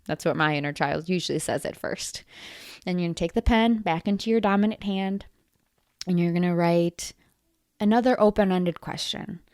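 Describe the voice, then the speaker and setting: A woman hosting a solo self-help podcast, coaching listeners in a deliberate, encouraging and gently playful way. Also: fairly low pitch, clear, resonant tone, dry recording, studio quality. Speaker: podcast host.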